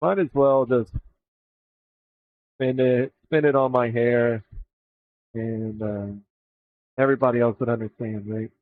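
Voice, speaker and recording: A man in his thirties chatting casually on a live stream, relaxed and rambling as he talks with viewers while working. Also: mid-range voice, a little slow, long pauses, narrow, tinny audio, a little hiss or hum. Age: 30s.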